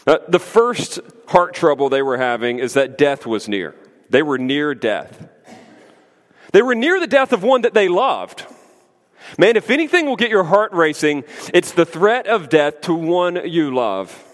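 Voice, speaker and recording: Animated male preacher in echoing hall. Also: fairly high pitch, a little slow. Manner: animated, emphatic preaching with conversational asides. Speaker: pastor. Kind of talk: sermon. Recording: long hall reverb.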